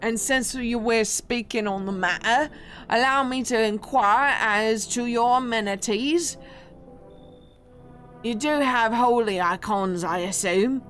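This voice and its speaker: A woman's voice: fairly high pitch, takes it slowly, a bit bright, faint music behind. A woman voicing a haughty male priest who speaks in a formal, condescending way, in a video game. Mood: pompous.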